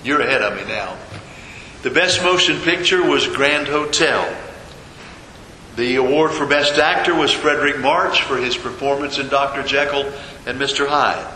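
A man preaching a sermon as a pastor, telling a story with dramatic pauses and repetition. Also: mid-range voice, sharp tone. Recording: echoey hall with long reverb, faint noise.

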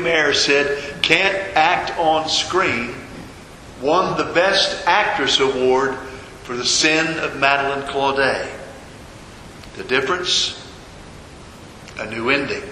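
A man preaching a sermon as a pastor, telling a story with dramatic pauses and repetition. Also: medium pitch, pushed and bright. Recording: echoey hall with long reverb, faint noise.

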